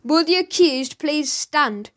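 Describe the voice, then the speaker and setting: A woman voicing a stern male courtroom judge who speaks slowly and commandingly. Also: high-pitched, animated, a bit bright, full character voice. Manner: slow, commanding.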